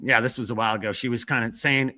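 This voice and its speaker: A man's voice: medium pitch, steady tone, fast, pushed and bright, dry recording, studio quality. A man with a northern US accent hosting a live stream, reading viewer comments in a rambling, blunt way and swearing freely.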